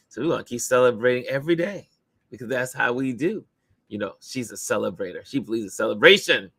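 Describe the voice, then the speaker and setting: A man's voice: mid-range voice, vocal fry, a bit bright, no echo. A man hosting a casual live stream, upbeat and chatty, laughing often as he greets viewers over a video call setup. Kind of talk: casual chat.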